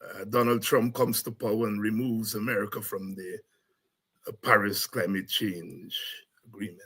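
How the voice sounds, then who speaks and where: A man hosting a talk show, exuberant and prone to loud shouts and scatting. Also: fairly low pitch, fairly even intonation, normal speed, breathy edge, poor audio. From Guyana. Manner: exuberant, breaks into shouts and scat. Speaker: show host and lecturer. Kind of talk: lively talk-show commentary.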